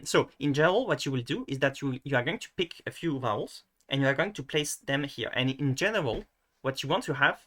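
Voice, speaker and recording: A video tutor with a bright, forward, medium-pitched voice talks through a casual screen-share lesson. He hesitates a lot, restarts sentences and fills gaps with ums. Now and then he makes fun of himself.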